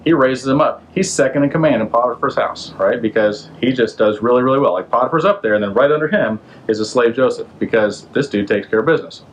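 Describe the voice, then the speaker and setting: A male podcast host with a medium-pitched voice retells a Bible story casually, in loose, slangy, conversational language, pausing to ask the listener questions. He talks quickly with few pauses, and the poor audio carries a little hiss or hum.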